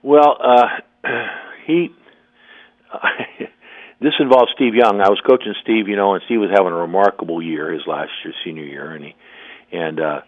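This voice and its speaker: An older former coach calls in as a guest, his voice a bit low and squeezed through a thin, tinny phone line. He rambles through his story with false starts and frequent throat clearing. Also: moderate pace, pauses often. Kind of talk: phone interview, telling a story.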